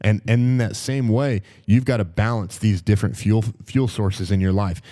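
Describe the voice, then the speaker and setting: A man with a fairly low, dark, mellow voice co-hosts a motivational podcast. He speaks emphatically and repeats key phrases to drive each point home. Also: steady tone, moderate pace. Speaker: podcast co-host.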